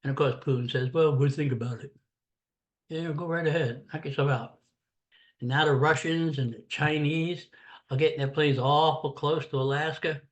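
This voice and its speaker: A man's voice: on the high side, steady tone, moderate pace. An older American man giving a blunt, sarcastic, rambling political rant in a casual monologue. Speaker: political commentator.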